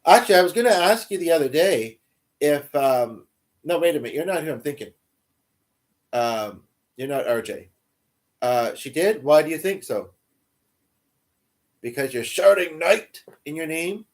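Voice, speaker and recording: A man's voice: on the high side, animated, moderate pace, pauses often. A man livestreaming in casual chat, answering viewers in a rambling, self-deprecating way and chuckling often.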